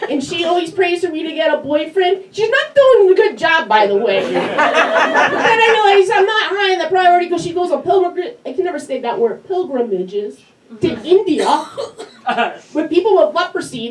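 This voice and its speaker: A woman comedian with a high, cartoonish voice, telling self-mocking stories in a stand-up set. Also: sing-song, normal speed. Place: comedy club stage with a live audience. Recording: echoey club recorded from a distance, crowd laughing.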